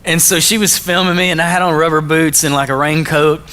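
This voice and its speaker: A man from Arkansas, giving a jokey, animated storytelling talk to a school audience. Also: a little high, brisk. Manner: animated, jokey, acts out his own quotes. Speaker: motivational speaker.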